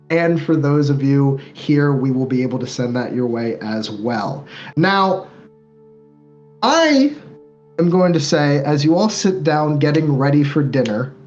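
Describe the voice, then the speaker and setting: A man's voice: fairly high pitch, a little mellow, highs cut off. A man working as game master, narrating a tabletop game in a loose, descriptive way with lots of fillers.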